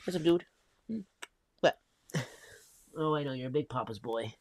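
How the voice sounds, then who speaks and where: A man hosting a casual live stream, cooing affectionate baby talk and soft murmurs. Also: on the high side, expressive, normal speed, no room sound. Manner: coos affectionate baby talk at a pet cat; soft-spoken, drifting between murmurs and bright calls.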